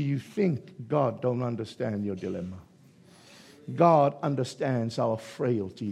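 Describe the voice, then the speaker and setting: A man preaching a sermon, swinging between hushed, drawn-out lines and sudden loud shouts. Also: mid-range voice, creaky, breathy edge.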